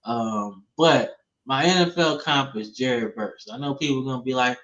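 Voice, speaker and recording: The dull, lo-fi sound of a remote-call stream carries a man's medium-pitched, slightly bright voice at a moderate pace. He hosts a podcast, a laid-back football talk show, talking in slang and peppering it with "man" and "bro."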